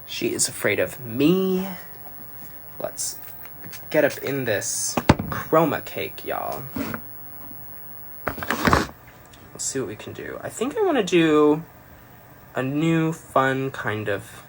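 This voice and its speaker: A man's voice: mid-range voice, huge pitch swings, takes it slowly, gravelly, long pauses, a little hiss or hum. A man doing a casual makeup tutorial on a phone livestream, chatty and playful, rambling and joking about himself as he works.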